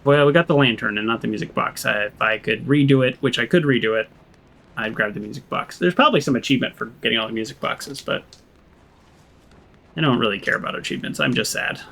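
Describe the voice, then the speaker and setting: A man's voice: medium pitch, fast, gravelly, a bit bright, poor audio. Sarcastic man narrating a game. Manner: sarcastic, grumbling, thinks aloud. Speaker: gaming channel host. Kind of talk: let's play commentary.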